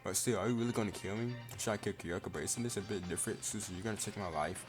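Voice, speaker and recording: A man's voice: fairly low pitch, quick pace, music in the background, natural voice. A man reading the lines of a terrified young male athlete who begs for his life. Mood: pleading. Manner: pleading, desperate.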